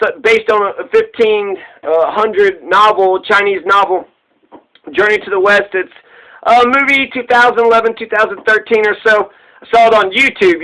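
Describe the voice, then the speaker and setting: A man's voice: high voice, sharp tone, rough recording. A man casually retelling an old fable in a loose, rambling way, swearing freely and laughing at his own jokes.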